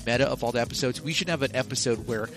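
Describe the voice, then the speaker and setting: A man's voice: medium pitch, racing, music in the background. A man co-hosting a podcast, rambling and joking with swearing, telling silly made-up scenarios. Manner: rambling, profane, jokey storytelling. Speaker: podcast co-host. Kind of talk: casual chat.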